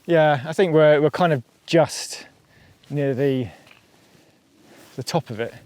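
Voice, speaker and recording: A man's voice: fairly high pitch, takes it slowly, darkish tone, dry recording. A man vlogging casually while out hiking, talking through the route and his gear with a joking, thinking-aloud manner. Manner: chatty, jokey, thinks aloud while walking. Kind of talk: casual outdoor vlog chat. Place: windy hillside outdoors.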